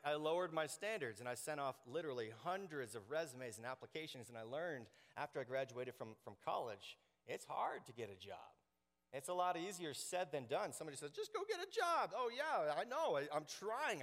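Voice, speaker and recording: A man preaching a sermon to his congregation, animated and joking, acting out quoted voices. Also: a little high, brisk. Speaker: pastor. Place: church sanctuary. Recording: long hall reverb.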